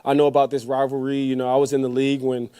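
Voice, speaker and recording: A man, a pro football player, answering press questions calmly with lots of fillers. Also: mid-range voice, clean tone. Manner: measured, filler-heavy, many "you know"s.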